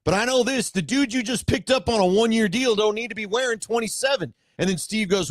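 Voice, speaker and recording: Blunt, high-voiced male sports co-host. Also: fast, few pauses, no room sound. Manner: blunt, opinionated, rants freely. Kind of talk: casual sports talk.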